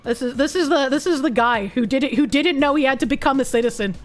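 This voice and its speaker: A woman's voice: high-pitched, quick pace, soft background music. A woman streamer chatting casually and reacting to chat, blunt, sarcastic and heavy on swearing. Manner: blunt, profane and sarcastic, with frequent laughs.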